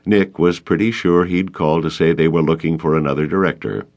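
A man narrating an audiobook of a short story with expressive storytelling. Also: a bass voice, fairly quick, muffled recording. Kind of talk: scripted narration.

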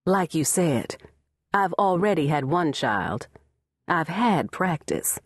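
A tired young mother who answers in a soft, guarded voice, as a woman narrator plays her. She speaks low and unhurried. An audiobook voice, close and dry. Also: sing-song, no room sound, exaggerated voice. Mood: weary. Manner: weary and soft. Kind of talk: audiobook character voice.

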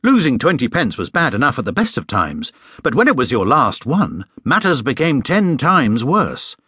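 Male audiobook narrator, husky, expressive, dry close studio sound. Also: mid-range voice, moderate pace, no echo. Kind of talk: scripted storybook narration.

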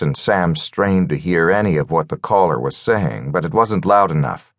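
A man narrating a mystery thriller audiobook in a calm, storytelling manner. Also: low-pitched, normal speed, few pauses, dry recording, studio quality. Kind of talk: scripted narration.

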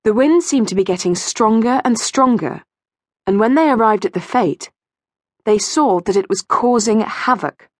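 A woman narrating a children's audiobook with expressive storytelling, recorded in a studio. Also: a little high, moderate pace, no room sound. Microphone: studio mic.

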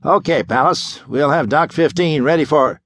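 A man narrating an audiobook and voicing an urgent male spaceport chief dispatcher who talks in a hurried, alarmed way. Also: fairly high pitch, fairly bright tone, no echo, clean studio sound, pitched above the performer's own voice.

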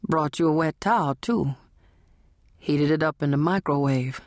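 Audiobook: a woman playing a smooth young male lover, teasing, unhurried, a bit low. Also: a little mellow, dry recording, clean studio sound. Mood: easygoing.

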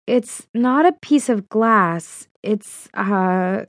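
A hesitant young witch, as a woman narrator puts her on, talking in a lifted, drawn-out voice full of small fillers. The recording is dry and close, with no room sound. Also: on the high side, animated, dry recording, voice pushed up.

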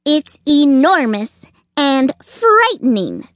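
A high, squeaky storybook squirrel, put on by a woman narrator gasps out every word in a panic. He is out of breath and jumpy, and his voice leaps around wildly. The sound is dry and close. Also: big pitch swings, slow, dry recording, heavily acted. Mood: panicky. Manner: frantic, shrieking repeats. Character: panicky jittery male squirrel.

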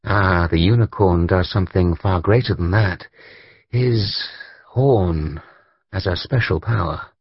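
A man narrating an audiobook in the first person, with a husky voice and an expressive delivery. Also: deep voice, measured pace, dry recording, dull audio.

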